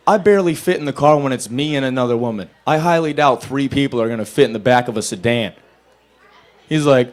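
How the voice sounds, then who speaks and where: A young man on a small bar stage at an open mic, talking into a handheld mic. He tells his stand-up stories flatly and deadpan at a mid pitch, then jumps into loud, high voices for the people he quotes. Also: fast talker. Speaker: stand-up comedian. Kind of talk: stand-up comedy set.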